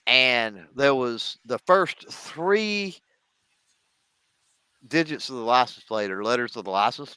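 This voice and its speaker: A man's voice: medium pitch, bright, forceful tone, clean tone, dry recording. A man, chatting casually on a show and telling a story, acting out the voices of the people in it. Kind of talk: casual chat.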